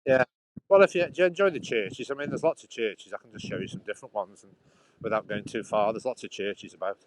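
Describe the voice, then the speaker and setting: A man's voice: lowish voice, quick pace. Chatty man rambling on a walk. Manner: rambling, chatty, restarts sentences often. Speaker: livestream host. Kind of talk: casual walking livestream chat. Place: outdoors walking by a busy road. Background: traffic and sawing noise.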